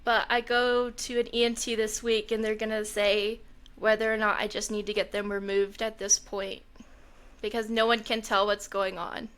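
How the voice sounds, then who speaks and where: A young woman from Texas co-hosting a podcast, chatting casually and telling stories, quoting others in lively bursts. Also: medium pitch, moderate pace, clear, resonant tone. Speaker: podcast co-host. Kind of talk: casual chat.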